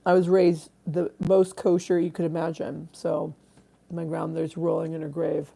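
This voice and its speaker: Gravelly, irreverent woman streaming live. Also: deep voice, flat delivery, normal speed, dark tone. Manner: irreverent, swears freely, laughs at herself; eats and drinks while talking. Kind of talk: casual live-stream chat.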